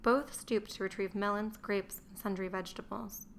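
A woman reading a historical novel aloud, measured and dry. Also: medium pitch, steady tone, fairly bright tone, slight background noise. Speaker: narrator. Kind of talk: audiobook narration.

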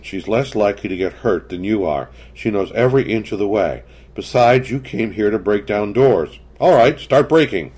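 A man's voice: on the low side, expressive, moderate pace, a little mellow, husky. A man voicing a nervous wife in a read-aloud story, protesting in a worried tone. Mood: sharp. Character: anxious reluctant adult wife.

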